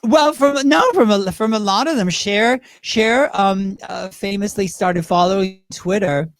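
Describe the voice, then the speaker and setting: Chatty drag performer, dry sound. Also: male voice, high-pitched, measured pace, no echo. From Great Britain. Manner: chatty, rambling, slips into impressions. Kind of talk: casual interview storytelling.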